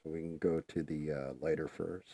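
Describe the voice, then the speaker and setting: A man's voice: very deep voice, flat delivery, normal speed, warm tone, no echo. A man hosting a live stream, chatting casually and swearing freely while he paints. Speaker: livestream host.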